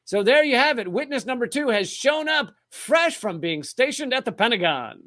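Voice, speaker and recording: Bright high-voiced sarcastic man. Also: sing-song, moderate pace. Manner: sarcastic, joking asides. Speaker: podcast host. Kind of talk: casual chat, retelling a true crime case.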